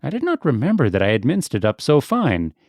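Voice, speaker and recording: A man's voice: mid-range voice, wildly swooping pitch, a little fast, darkish tone, no echo, clean studio sound. A man voicing an anxious, fussy female dog guest who whimpers and frets. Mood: fretful.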